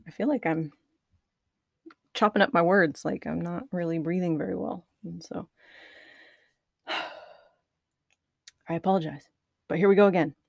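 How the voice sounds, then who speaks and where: A woman's voice: fairly low pitch, measured pace, creaky, long pauses, dry recording. A woman podcast host recording outtakes at a computer microphone. She is nervous with a dry mouth, laughs at herself and keeps restarting her lines. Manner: self-deprecating, giggly, restarts often. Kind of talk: casual recording outtakes, self-commentary. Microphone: studio microphone at a computer.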